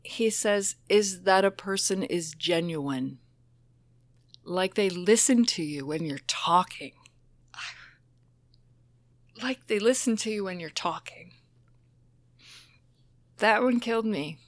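A woman who trains dementia caregivers, telling stories conversationally, lively and emotional, often laughing as she talks. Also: mid-range voice, takes it slowly, pauses often, no room sound. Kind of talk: conversational storytelling.

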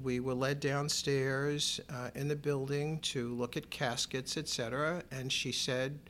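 A middle-aged man in an interview, telling a personal story in a measured, wry way, raising his pitch to act out other people's lines. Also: fairly bright tone, a little hiss or hum.

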